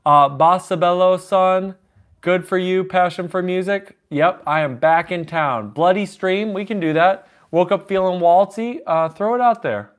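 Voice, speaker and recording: A man live-streams at the piano, chatting casually, reading the chat aloud and making jokey asides while taking song requests. His voice is high, unhurried and smooth, with piano music in the background.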